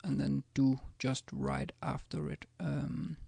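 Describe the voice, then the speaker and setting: A man's voice: mid-range voice, level tone, slow, vocal fry, dark tone, breathy edge, dry recording. A man teaching a language in a casual screencast, hesitant, with many ums and restarts as he types examples. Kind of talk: screencast lesson, typing examples.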